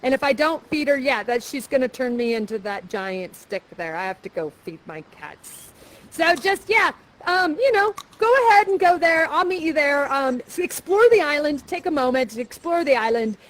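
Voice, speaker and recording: Young woman running a live interactive show, high bright voice, playful, keeps saying that's right. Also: very animated, normal speed. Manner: playful, theatrical, directing others, repeats "that's right". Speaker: actor guiding players through a live show.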